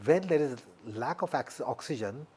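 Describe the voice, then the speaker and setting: Indian guy, yoga teacher, slow careful explaining, keeps repeating himself, mid voice. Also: medium pitch, animated, mellow, slightly rough. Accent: Indian English. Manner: deliberate and explanatory, repeats key points. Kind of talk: interview explanation.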